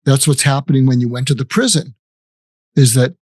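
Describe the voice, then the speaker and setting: A man's voice: mid-range voice, a little fast, a little mellow, no room sound. An older man, a psychiatrist guest in an interview, explaining techniques earnestly and acting out example conversations. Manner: earnest, acts out example dialogues, many restarts.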